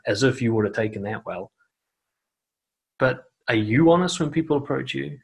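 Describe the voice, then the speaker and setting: Brisk and marked by vocal fry, a man's mid-range voice delivers frank, offhand dating advice straight to camera. He sits indoors on a noisy chair, swears without restraint, and does voices for the people he quotes.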